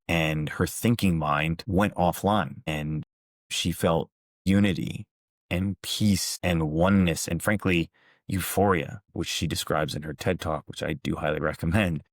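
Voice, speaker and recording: Very deep-voiced man telling calm parables. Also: no room sound, clean studio sound. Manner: calm storytelling, measured and earnest. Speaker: motivational speaker and coach. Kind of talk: reflective motivational talk.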